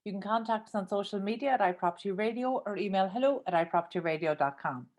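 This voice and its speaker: A woman's voice: mid-range voice, fast talker, a little mellow. An Irish woman hosting a radio interview, upbeat and welcoming, sometimes stumbling over her words. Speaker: radio show host.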